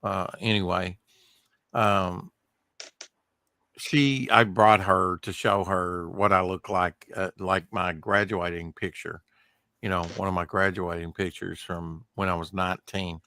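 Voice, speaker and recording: A man telling a casual anecdote, hesitant and pausing on many fillers. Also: sits low, fairly even intonation, sharp tone, no room sound.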